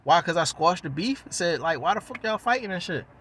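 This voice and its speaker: A man with a Baltimore accent tells a story in loose, slangy, profane talk. His voice sits a little high for a man, and he jumps into other people's voices as he goes. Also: lively intonation, fairly quick, a bit bright, slight background noise. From West Baltimore. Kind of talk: casual storytelling.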